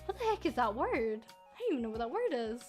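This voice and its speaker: A Scottish woman with a high voice answers chat questions on a casual livestream. She is frank and joking, trips over her words and fills gaps with "uh" and "like". Faint music plays underneath. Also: big pitch swings, fast talker, darkish tone. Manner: frank, joking, full of fillers and restarts. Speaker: VTuber and agency manager.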